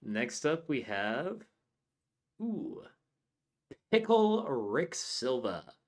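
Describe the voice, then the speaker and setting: A man's voice: mid-range voice, sing-song, drawn-out words. A man co-hosting a comedy podcast, reading out listener jokes from the chat with laughs in casual talk.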